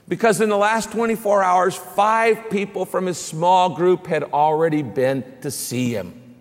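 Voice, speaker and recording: A man's voice: sits high, unhurried, big-room sound. A man preaching a sermon as a pastor, telling stories with humor and building to emphatic preaching.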